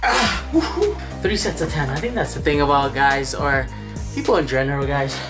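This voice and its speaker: A woman vlogging casually about her workout and cooking, chatty and playful, counting reps out loud. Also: deep voice, animated, normal speed. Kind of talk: casual workout vlog chat. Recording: echoey room with music playing.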